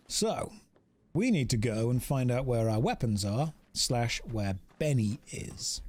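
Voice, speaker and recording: A man's voice: mid-range voice, normal speed, darkish tone. An Englishman with an English accent, casually commentating his game stream in a joking, self-mocking way.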